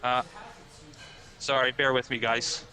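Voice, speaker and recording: A man with a very bright, forceful tone, speaking at a middling pitch. He co-hosts a casual podcast and tells stories in a chatty, easygoing way. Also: flat delivery, takes it slowly. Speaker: podcast co-host on a trip.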